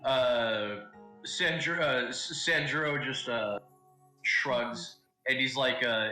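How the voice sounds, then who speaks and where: Male tabletop player with a bright, tense voice; hesitant, filler-heavy casual chat in a roomy space. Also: mid-range voice, faint music behind. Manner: halting, filler-heavy, laughs often. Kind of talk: casual role-play chat.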